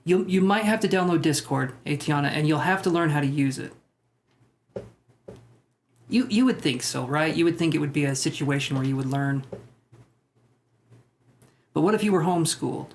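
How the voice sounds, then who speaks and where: A man's voice: a little high, normal speed, pauses often, slight background noise. A young man hosting a live stream, chatting casually with viewers and rambling with self-deprecating jokes. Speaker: tarot livestream host. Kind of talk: casual live-stream chat reading comments.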